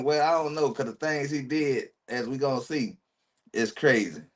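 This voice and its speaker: A man's voice: mid-range voice, moderate pace. A man streaming a reaction, talking back at a video in blunt, slangy commentary.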